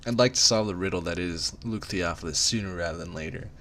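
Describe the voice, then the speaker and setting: Deep-voiced man reading a story aloud. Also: fast talker, bright, forceful tone, slight background noise. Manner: casual, stumbling over words. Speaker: reader. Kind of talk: amateur dramatic reading.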